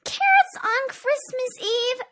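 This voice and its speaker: A squeaky, whiny kitten, very high, lively swings. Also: male voice, takes it slowly, background noise, exaggerated voice. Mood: excited whiny. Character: small excitable young male cat.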